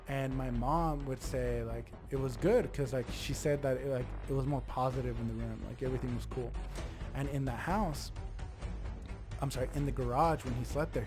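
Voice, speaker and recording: A man's voice: medium pitch, darkish tone. Young man rambling through a ghost story. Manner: rambling, restarts and voices parents' quotes. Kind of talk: casual first-person ghost story.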